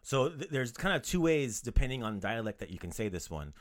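A man hosting a podcast language lesson in a playful, casual way, joking around and repeating words slowly for learners. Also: mid-range voice, big pitch swings.

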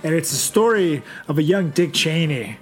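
A young man hosting a casual comedy chat, telling crude absurd jokes in a deadpan way and laughing at his own bits. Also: fairly high pitch, normal speed. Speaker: podcast host. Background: music.

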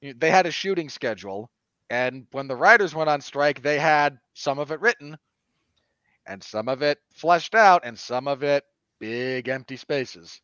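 A man co-hosting a podcast, talking through a film review in an animated, opinionated way with sudden emphatic jumps. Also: medium pitch, measured pace, smooth, no echo. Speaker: podcast co-host. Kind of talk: casual film review chat. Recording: dull, dry lo-fi podcast audio.

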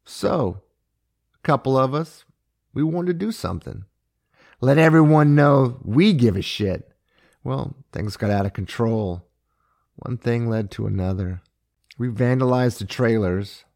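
A man's voice: medium pitch, expressive, unhurried, gravelly, long pauses, a little mellow, voice pushed up. A man voicing a defiant young ex-soldier, speaking with stubborn conviction. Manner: defiant, confiding.

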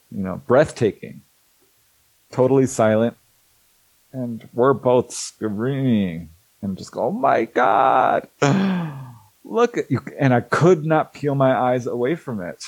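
A middle-aged man on the lower side of pitch tells a personal story in an interview, lively and expressive, slipping into the voices of the people he quotes. He often restarts his sentences with small fillers. The sound is dry, with almost no room around it. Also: no echo, poor audio. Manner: animated storyteller who acts out dialogue. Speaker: interview guest. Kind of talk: casual anecdote telling.

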